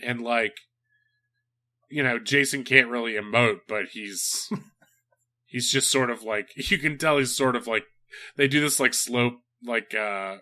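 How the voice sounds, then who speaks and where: Bright-voiced rambling podcast host, a man. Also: mid-range voice, measured pace. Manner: rambling, lots of filler words. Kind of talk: casual comedic film review chat.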